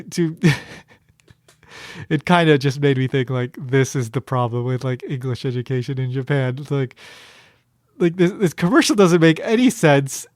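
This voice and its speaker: A man hosts a podcast in casual commentary. His voice sits a touch high, and the sound is dry and close with no room around it. He rambles through fillers and restarts with a wry, amused tone. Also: no room sound. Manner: wry, amused, breaks into chuckles. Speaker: podcast host.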